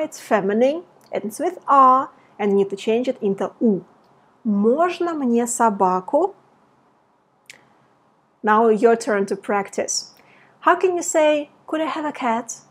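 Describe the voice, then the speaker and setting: A woman teaching a language lesson in English, explaining grammar and repeating example phrases slowly. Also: on the high side, breathy edge. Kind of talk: slow language lesson with read-aloud examples.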